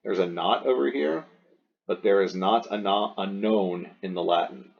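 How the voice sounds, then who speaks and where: In a recorded Latin lesson, a man with a lowish, gravelly voice works through exercise sentences at a moderate pace, though the audio is dull. He explains each sentence patiently and rephrases the questions.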